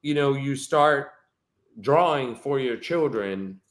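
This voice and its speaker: A man talks easily and at length as a podcast guest. His voice is medium-pitched, and he drifts from one thought to the next. He is loose and conversational, with plenty of fillers along the way. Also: takes it slowly. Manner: relaxed, rambling storytelling with many fillers. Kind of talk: casual conversation.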